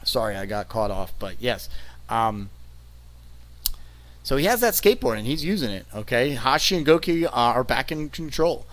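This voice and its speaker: A man's voice: mid-range voice, very animated, normal speed, a bit bright. Rambling man recapping wrestling matches. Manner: rambling, filler-heavy, checks in with "okay?"; laughs between points. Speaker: wrestling reviewer. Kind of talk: casual play-by-play recap.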